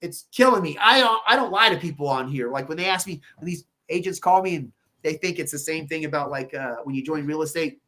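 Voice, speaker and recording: A man with a high voice, talking as a podcast guest. He tells stories in a loose, animated way and swears freely. He slips into lively voices when he quotes people. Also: fairly quick. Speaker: podcast guest, real estate agent. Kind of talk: casual podcast interview.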